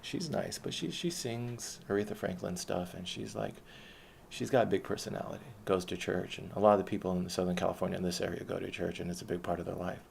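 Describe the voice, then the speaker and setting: Deep gravelly man telling a story. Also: fairly even intonation, fast, a little mellow, slight background noise. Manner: blunt, rambling, retells conversations. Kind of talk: personal storytelling monologue.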